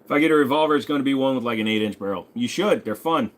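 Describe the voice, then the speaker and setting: A man's voice: mid-range voice, racing. Laid-back man in his forties. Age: 40s. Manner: laid-back, swears casually, jokes with chat. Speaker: host. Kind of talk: casual livestream chat reading viewer questions.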